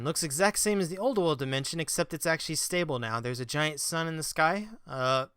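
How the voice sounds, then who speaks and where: Gaming host, male, bright clear voice on a dry close mic, chatty commentary with mock-angry outbursts. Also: a little high, fairly quick, few pauses, no room sound. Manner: chatty, flares into mock-exasperated rants; self-mocking. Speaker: let's play gamer. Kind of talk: casual gameplay commentary.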